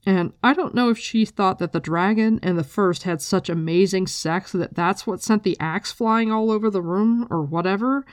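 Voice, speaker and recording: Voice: medium pitch, moderate pace, hardly any pauses, smooth, no room sound, studio quality. A host casually recapping a book with blunt, profane chat, mixed with reading passages aloud.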